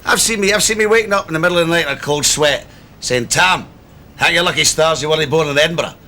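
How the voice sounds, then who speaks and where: A cheeky Glaswegian barrel-roller, cracking jokes at his mates in a slightly high, bright, forceful voice. He is matey and keen on banter. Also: quick pace. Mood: joking. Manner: joking, banter, laughs at his own cracks. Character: cheeky Glasgow barrel-roller, a jokey football fan. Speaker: whisky bond worker. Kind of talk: TV comedy drama acting.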